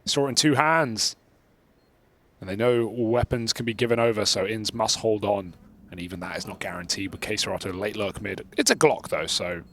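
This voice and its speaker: A man's voice: on the low side, normal speed. A man giving playful, teasing colour commentary on an esports match. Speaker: esports caster.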